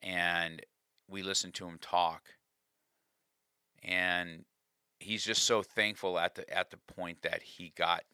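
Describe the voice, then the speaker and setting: A man's voice: sits low, flat delivery, takes it slowly, pauses often, sharp tone, smooth, no room sound, clean studio sound. A man telling a personal story with a life lesson, earnest and confessional, often restarting his sentences.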